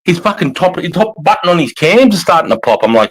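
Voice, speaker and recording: An Australian army veteran telling war stories in a casual livestream, swearing constantly and rambling bluntly. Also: male voice, a little high, very animated, quick pace, poor audio.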